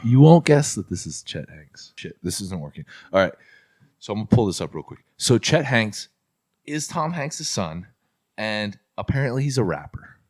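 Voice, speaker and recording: A young man co-hosting a podcast, telling a story in an animated way with frequent laughs. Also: lowish voice, moderate pace, no room sound, studio quality. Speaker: podcast co-host. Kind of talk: casual chat.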